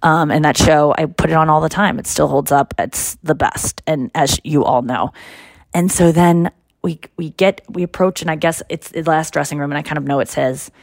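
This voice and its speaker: A woman's voice: deep voice, moderate pace, creaky, dry recording, studio quality. A woman hosting a podcast, chatting casually and acting out the people she quotes as she tells a story. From United States. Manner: animated storyteller, acts out quotes. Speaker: podcast host. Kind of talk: casual chat.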